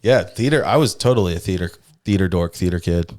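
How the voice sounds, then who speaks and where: A man's voice: low voice, brisk, darkish tone. Swearing young man in casual chat. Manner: rambling, swearing, mimics voices. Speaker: podcast co-host, stand-up comic.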